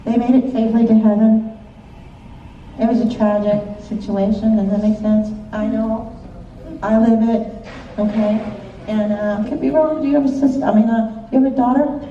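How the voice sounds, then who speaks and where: A woman's voice: fairly high pitch, fairly even intonation, normal speed. A woman working as a psychic medium, giving live stage readings to an audience in a chatty way, laughing often and checking in with short questions. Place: large hall with a live audience. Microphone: audience member's phone recording from the seats. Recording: echoey hall from far off, muffled, faint noise.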